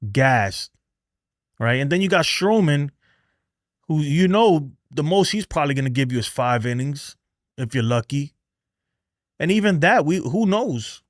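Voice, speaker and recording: A man's voice: a little high, no room sound, studio quality. A man hosting a live stream and ranting angrily about his team, swearing, repeating himself and laughing in disbelief. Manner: angry, exasperated ranting with swearing. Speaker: livestream host. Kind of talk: live sports rant.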